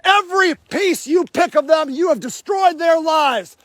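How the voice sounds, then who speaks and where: A man livestreaming from an outdoor camp in the snow, shouting angry and sarcastic reproaches at people in front of him while filming on his phone. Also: very high voice, unhurried, few pauses, no room sound. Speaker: activist filming a camp sweep. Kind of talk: livestreamed street confrontation.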